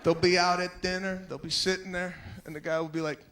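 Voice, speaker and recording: A man doing a stand-up comedy routine, exasperated and acting out characters, building to shouts. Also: sits high, level tone, a little fast. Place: comedy stage before a live audience. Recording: live show with crowd laughter and noise.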